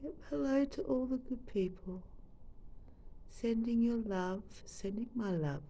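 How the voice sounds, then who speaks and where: A woman with an Australian accent at home, talking softly and fondly to her pet parrot while filming it on her phone from close by. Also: on the high side, unhurried, creaky. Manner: soft, doting baby-talk to her bird. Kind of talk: casual chat to a pet on camera. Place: at home, leaning over a couch. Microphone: phone camera held close.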